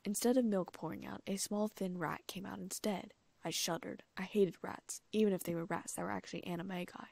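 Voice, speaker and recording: A woman narrates an audiobook in a hushed, often half-whispered reading. Her voice is husky and gravelly at the edges, recorded dry and close. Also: medium pitch, fairly even intonation, fairly quick, few pauses, dry recording. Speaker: audiobook reader. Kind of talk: reading first-person fan fiction.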